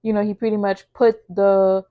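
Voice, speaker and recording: A woman hosting a podcast who recaps a TV drama in a casual, animated way, with lots of fillers and acted-out lines. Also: moderate pace, dry recording, phone-quality sound. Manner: acts out characters' lines in high voices. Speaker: podcast host reviewing a TV drama.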